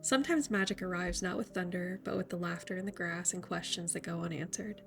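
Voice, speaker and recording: A woman narrating a bedtime story in a soft, soothing way. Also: on the low side, brisk, creaky, soft background music.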